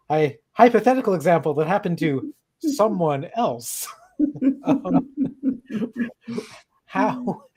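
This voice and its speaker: A man hosting an interview, halting with frequent ums and self-deprecating laughs. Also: mid-range voice, a little mellow. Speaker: podcast host. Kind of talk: casual interview.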